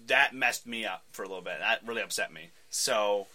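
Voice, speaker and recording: A man hosting a casual podcast, retelling a comic book in an animated way and laughing often. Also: fairly low pitch, a little fast. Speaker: podcast host.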